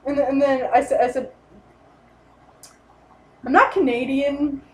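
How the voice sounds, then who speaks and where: Young woman vlogger rambling thru a story, kinda high voice, echoey room. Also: a little slow. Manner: rambling, excited, lots of "like" and "and then". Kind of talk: casual storytelling. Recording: echoey room, light noise.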